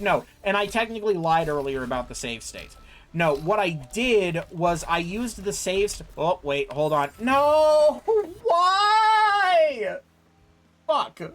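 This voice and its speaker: Young male streamer, slow deliberate delivery, slightly high voice, exasperated ranting over faint game music. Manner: frustrated, ranting, repeats himself. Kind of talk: gameplay commentary.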